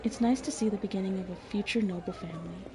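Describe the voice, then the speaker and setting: A woman's voice: mid-range voice, fast talker. A woman streamer reading role-playing game dialogue aloud, with playful asides. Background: faint game music.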